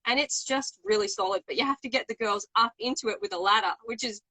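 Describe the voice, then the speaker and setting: A woman speaks as a guest artist in a loose, rambling conversation, often breaking off and starting her sentences again. Her voice is bright and a little sharp. The sound is dry and close, the way it comes through a video call. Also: on the high side, fast, no room sound, low-quality recording. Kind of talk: casual chat.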